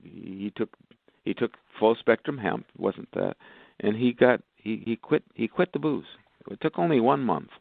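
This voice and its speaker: A man's voice: on the low side, moderate pace, gravelly, no echo. A male physician guest talking with enthusiasm on a phone interview, rambling through long lists. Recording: tinny phone line, dry.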